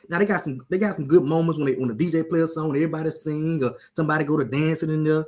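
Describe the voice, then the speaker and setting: A man's voice: fairly high pitch, fairly even intonation, very fast, few pauses, a little mellow. Loose trash-talking man. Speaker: show host. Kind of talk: casual sports chat.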